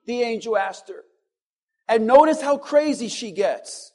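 A man with a very high voice preaches a sermon to his church. He stacks up rhetorical questions and leans on dramatic pauses, dropping low and quiet, then rising again. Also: lively intonation. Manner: strings of rhetorical questions, dramatic pauses, swings between hushed and loud. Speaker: pastor.

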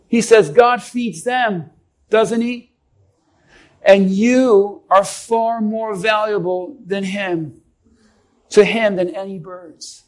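A man's voice: sits high, steady tone, slow, low-quality recording. A man preaching a sermon as a pastor, emphatic and calling on the congregation to respond.

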